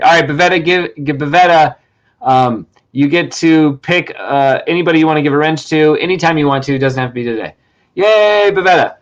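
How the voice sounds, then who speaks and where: A man's voice: mid-range voice, lo-fi sound. Rambling, profane male livestream host. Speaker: podcast host. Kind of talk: casual livestream chat.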